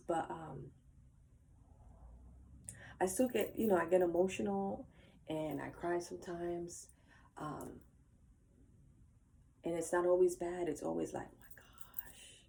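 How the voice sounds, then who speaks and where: An older woman speaks straight to her viewers in a heartfelt personal monologue. Her voice sits low and gravelly, with a dark, mellow tone. She rambles warmly through fillers and slips into soft, near-whispered asides. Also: steady tone, unhurried, pauses often, slight background noise. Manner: earnest, emotional, with frequent fillers and soft trailing asides. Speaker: vlogger.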